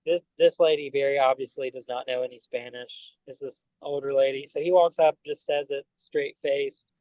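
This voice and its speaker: A man, a band member guest on a podcast, telling animated stories full of fillers. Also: medium pitch, normal speed, dry recording, dull audio. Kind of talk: casual storytelling.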